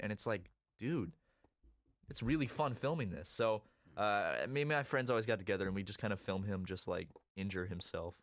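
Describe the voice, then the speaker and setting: A man telling animated stories in a casual chat while gaming. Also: no echo, clean studio sound. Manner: animated storyteller, lively swings in pitch. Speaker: co-host.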